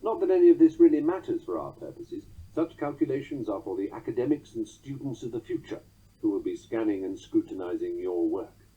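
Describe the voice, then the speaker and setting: A man's voice: lowish voice, very animated, brisk, dark tone, breathy edge. A man narrating a lesson on poetic meter, reading in a rhythmic way and tapping out the beats aloud. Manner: rhythmic, sounds out metrical beats. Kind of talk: audiobook-style lesson reading. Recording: dull lo-fi recording.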